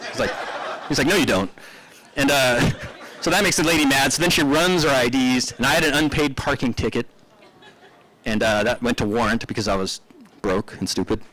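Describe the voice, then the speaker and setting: A man's voice: medium pitch, normal speed, a bit bright, no room sound, low-quality recording. Man laughing through a rambling eulogy. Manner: laughing often, loose rambling anecdotes with fillers. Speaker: eulogy speaker. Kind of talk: casual storytelling eulogy. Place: memorial service.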